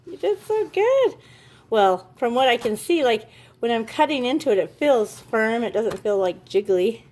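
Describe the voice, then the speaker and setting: A woman's voice: on the high side, animated, normal speed, darkish tone. A woman hosting a casual family vlog, gushing and encouraging in a motherly way. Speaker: family vlog host, parent.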